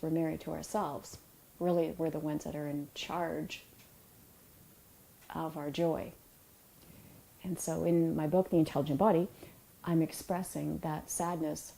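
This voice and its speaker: A middle-aged woman, an author, giving a reflective talk about emotions in a soft, unhurried and tender way, with pauses. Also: deep voice, creaky, low-quality recording. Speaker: author and yoga teacher.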